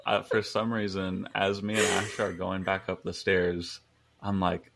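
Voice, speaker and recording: A young man in his twenties with a low, gravelly voice that rumbles with vocal fry. He tells rambling stories in a relaxed chat, chuckling through them. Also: a little slow. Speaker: podcast guest. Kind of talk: casual storytelling chat.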